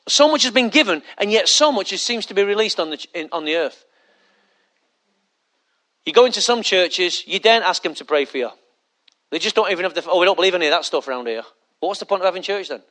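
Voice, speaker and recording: Male pastor, high and bright, conversational sermon with rhetorical questions.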